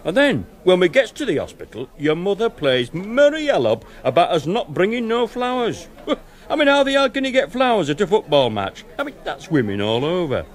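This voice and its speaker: Man doing a gruff older Northern English relative, grumbling, rambling, lively swooping pitch. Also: normal speed. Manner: complaining, rambling storyteller.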